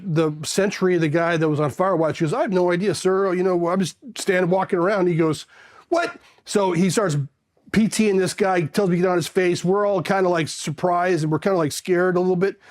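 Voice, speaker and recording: Middle-aged man, interview guest, casual animated storyteller, higher register. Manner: animated, acts out quoted voices.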